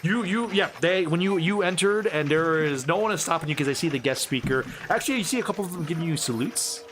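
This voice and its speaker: A man's voice: on the high side, quick pace, background noise. A man narrating as game master of a tabletop role-playing game, in a loose, rambling way full of fillers.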